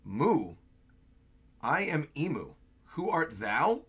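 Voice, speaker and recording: A man doing a slow, solemn ancient villain. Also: a little high, very animated, a bit bright, slightly rough, exaggerated voice. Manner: drawn-out, solemn, old-fashioned speech. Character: slow, archaic-speaking ancient male villain.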